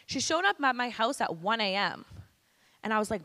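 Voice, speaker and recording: A woman's voice: fairly high pitch, very animated, moderate pace, sharp tone, big-room sound. A woman in her thirties giving a candid, conversational personal testimony to students as a guest speaker, using casual slang. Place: school hall.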